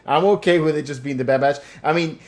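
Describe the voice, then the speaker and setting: A man's voice: on the high side, a little fast. A man hosting a live collectibles show, easygoing and casual, reading viewer comments and running through product releases. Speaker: host. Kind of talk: casual live-stream chat.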